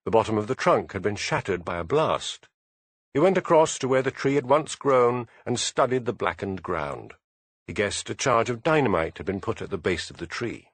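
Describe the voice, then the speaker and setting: A man narrating an audiobook in a measured storytelling manner. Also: lowish voice, breathy edge, dry recording. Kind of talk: scripted narration.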